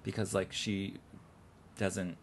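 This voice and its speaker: Brief: American man, podcast co-host, low voice, enthusiastic fan chatter, faint room hiss. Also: slow. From Chicago, USA. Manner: gushing, animated fan talk. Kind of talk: casual chat.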